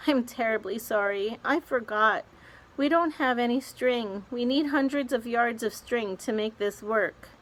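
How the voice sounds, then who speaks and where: A woman reading aloud, voicing a clever young boy who explains his plan calmly and firmly. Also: on the high side, unhurried, voice pushed up, close to an everyday voice. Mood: earnest. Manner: calm, firm explaining.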